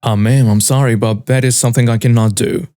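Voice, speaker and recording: A man voicing a calm, courteous female clinic receptionist. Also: mid-range voice, brisk, dry recording, clean studio sound, voice pushed down, lightly acted. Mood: polite.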